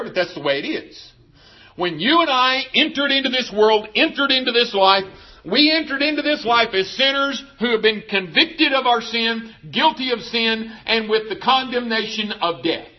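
A pastor preaching a sermon, emphatic and asking the congregation rhetorical questions. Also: male voice, extremely high pitch, dull audio.

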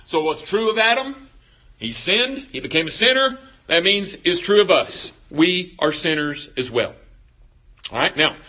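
A pastor preaching a sermon, emphatic and asking the congregation rhetorical questions. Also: male voice, high-pitched, dull audio.

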